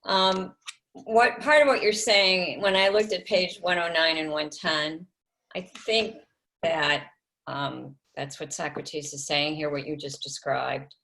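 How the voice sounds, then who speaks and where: Brief: female student, deep gravelly voice, slow and hesitant as she works through the reading. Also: steady tone, bright, forceful tone. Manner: hesitant, halting, with fillers and restarts. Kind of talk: class discussion.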